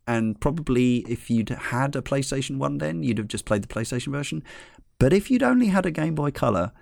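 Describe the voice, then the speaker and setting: A man hosting a podcast, chatting casually with many pauses and fillers. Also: mid-range voice, vocal fry, no room sound, clean studio sound. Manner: relaxed, hesitant, many fillers. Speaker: podcast host. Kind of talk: casual podcast chat about retro games.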